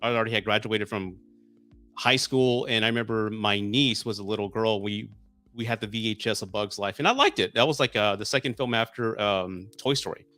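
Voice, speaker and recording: A man in his forties hosting a casual live stream, chatting excitedly and getting emotional when viewers send gifts. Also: fairly low pitch, fairly quick, no echo, soft background music. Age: 40s.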